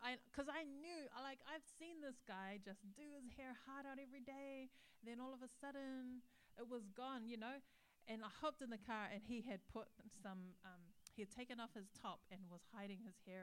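A woman's voice: fairly high pitch, clear, resonant tone. A woman preaching a sermon, telling a personal story with humor and acting out what people said.

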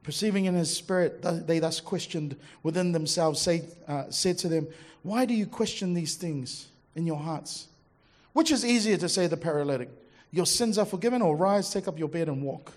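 High-voiced emphatic male preacher. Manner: conversational, emphatic, drops to quiet intensity for quoted lines. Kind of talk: sermon. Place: church service before a congregation.

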